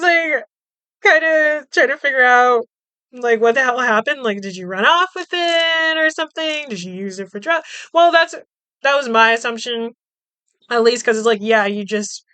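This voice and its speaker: A woman's voice: a little high, pushed and bright, clear, resonant tone, dry recording. A woman podcast host casually recapping a movie, chatty and swearing, laughing as she acts out the characters' lines.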